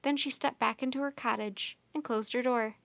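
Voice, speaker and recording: A woman reads a children's storybook aloud in an expressive manner. Her voice is slightly high, and the recording is dry and close, with no room sound. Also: normal speed, creaky, dry recording. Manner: expressive, performing character voices.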